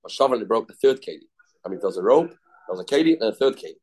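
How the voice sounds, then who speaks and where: Low-voiced man teaching a Talmud class. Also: animated, very fast, darkish tone, slightly rough. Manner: informal, restarts often, repeats terms, mixes Hebrew and Yiddish words.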